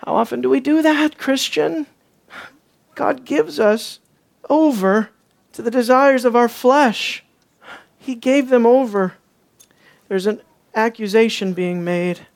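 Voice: mid-range voice, takes it slowly, creaky, pauses often. Preacher mid-sermon: insistent, repeats points, questions the congregation. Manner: rhetorical questions and emphatic repetition.

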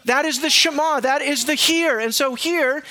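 High, bright-voiced man preaching emphatically. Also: moderate pace, dry recording. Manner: emphatic, questioning the congregation, drops to a quiet low voice for reflection. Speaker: pastor. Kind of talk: sermon. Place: church sanctuary.

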